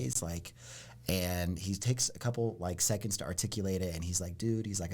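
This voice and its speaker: A man from Ohio, a podcast guest, telling stories in a casual, animated way and often saying "like" and "dude". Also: low-pitched, brisk. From Ohio, United States. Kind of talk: casual storytelling.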